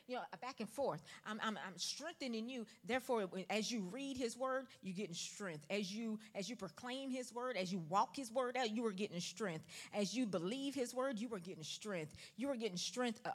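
A woman preaching a live sermon in a church, speaking with a fervent preaching cadence and repeated emphatic phrases. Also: mid-range voice. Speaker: church first lady preaching. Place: church worship center.

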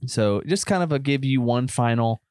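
A man's voice: medium pitch, expressive, moderate pace, a little mellow, no room sound, clean studio sound. A man with a country Southern US accent co-hosting a film podcast in easy, rambling casual chat. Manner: laid-back, rambling, says bro and man. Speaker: podcast co-host.

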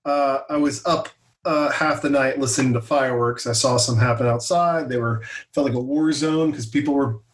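A man's voice: mid-range voice, fairly even intonation, moderate pace, recorded from a distance. A man in his thirties co-hosting a podcast, talking casually and rambling with many fillers. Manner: rambling, chatty, hesitant with fillers. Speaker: podcast co-host. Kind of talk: casual chat. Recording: echoey room, a bit off-mic.

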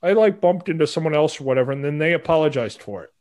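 A man's voice: on the high side, expressive, fast, darkish tone. A man co-hosting a podcast, giving his opinions casually and thinking aloud as he goes. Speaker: podcast co-host. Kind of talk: casual chat.

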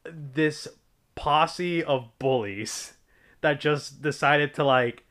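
A man's voice: fairly high pitch, drawn-out words, fairly bright tone. A young man in casual chat, telling a rambling, profane story from his school days.

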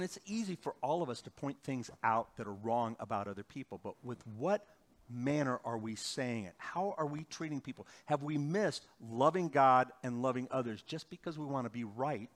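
A middle-aged male pastor preaching a sermon, swinging between loud emphatic bursts and quiet, slow passages. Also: mid-range voice, animated.

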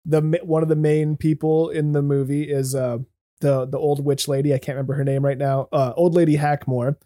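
A man with a somewhat high but mellow, dark-toned voice chats easily about a film, dropping dry, wry comments. The sound is dry and close-miked. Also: flat delivery, fairly quick, no echo. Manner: laid-back, wry, laughs often. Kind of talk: casual movie discussion.

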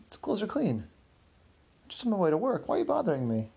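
A man's voice: huge pitch swings, brisk, gravelly, mellow, husky, heavily acted. A man putting on a stammering, panicky suspect. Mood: indignant. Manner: stammering, high and frantic denials. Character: panicky young man accused of arson.

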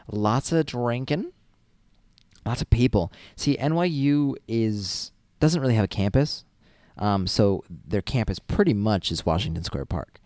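A man's voice: on the low side, animated, a little slow, darkish tone, no echo, studio quality. A young man from Massachusetts, a college student telling casual stories in a rambling, chatty way. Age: young adult. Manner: rambling, chatty, many fillers and restarts. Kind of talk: casual storytelling vlog.

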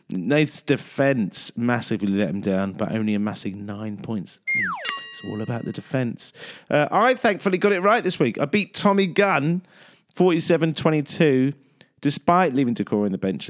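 A man hosting a casual radio sports chat, jokey and upbeat. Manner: jokey, upbeat, lively swings in pitch. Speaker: host.

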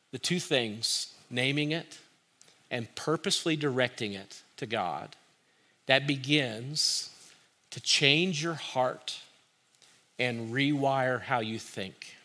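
A man's voice: medium pitch, sharp tone. A man preaching a sermon as pastor, in an earnest, conversational way that repeats key phrases for emphasis.

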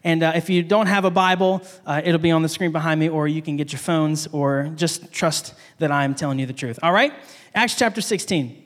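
A man's voice: a little high, brisk, a bit bright, in a large hall. A man giving a casual sermon, with frequent fillers and restarts. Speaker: preacher.

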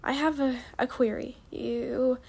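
A woman's voice: high voice, fairly even intonation, a little slow, gravelly, darkish tone, slightly rough, exaggerated voice. Woman reading a formal, polite dragon guard. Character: dutiful formal dragon bodyguard.

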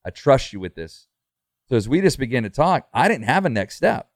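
A man's voice: mid-range voice, very animated, fairly quick, dry recording, studio quality. A middle-aged man, a pastor, talking earnestly in a casual podcast conversation, full of fillers and restarts.

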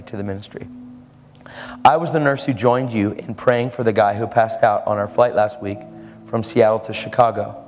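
A man's voice: mid-range voice, a little mellow, long reverb tail. A man preaching a sermon, telling a story and acting out the lines of the people in it.

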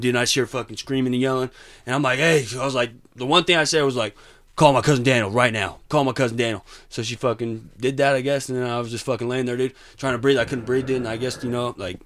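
A man's voice: mid-range voice, a bit bright. A young man telling his story in casual chat, swearing often and calling people dude and bro.

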